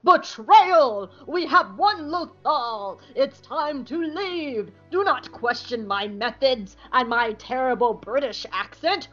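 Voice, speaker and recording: Woman putting on a pompous officer man, fake British accent, shouting, raised pitch. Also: expressive, slow, hardly any pauses, lo-fi sound, faint music behind, heavily acted. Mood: blustering. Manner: stiff, shouted commands.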